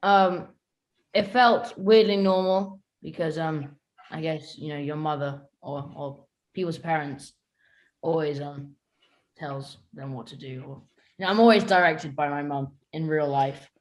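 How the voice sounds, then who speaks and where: Young british guy on a video call, shy, talks really slow. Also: on the high side, steady tone, rough recording. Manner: shy, halting. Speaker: actor.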